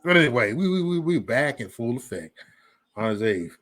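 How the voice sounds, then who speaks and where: Animated, bright-voiced man hosting a livestream. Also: medium pitch, normal speed. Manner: loud, profane, swings between shouting and mumbling. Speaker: livestream host. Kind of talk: casual livestream chat.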